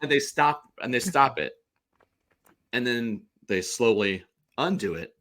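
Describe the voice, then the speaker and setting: A man from the St. Louis area, a podcast guest, telling stories in an animated, rambling way with lots of restarts. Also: medium pitch, unhurried. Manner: animated, digressive storyteller. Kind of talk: casual chat.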